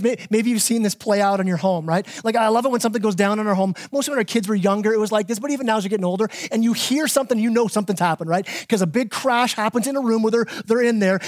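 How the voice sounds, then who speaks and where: Animated high-voiced male pastor preaching. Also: dry recording, studio quality. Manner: animated, repeats words, acts out his kids in a high voice. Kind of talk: sermon.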